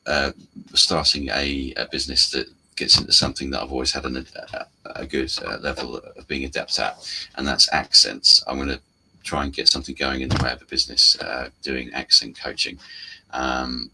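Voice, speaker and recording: A man being interviewed as an actor, talking frankly and self-deprecatingly over a video call, meandering with pauses. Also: a bass voice, gravelly, bright, forceful tone, slight background noise, rough recording. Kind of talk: candid casual chat.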